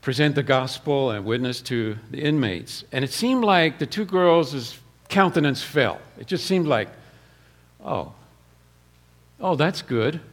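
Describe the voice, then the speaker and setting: A man's voice: mid-range voice, animated, unhurried. Plain-spoken male preacher. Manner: plain-spoken storytelling, repeats words, clears throat often. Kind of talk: sermon with personal stories.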